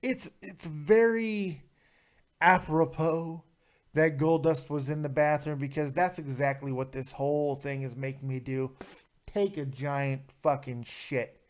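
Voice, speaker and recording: A man with a fairly high voice hosts a live call-in review. He talks in a brash, profane, mocking way, firing back at chat comments in casual rants. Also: fairly even intonation, a little slow. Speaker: show host reviewing wrestling.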